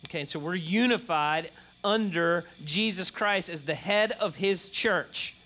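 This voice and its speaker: A man's voice: sits high, measured pace, bright, forceful tone. A middle-aged man preaching a sermon, emphatic and repetitive, often checking in with the congregation. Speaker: pastor.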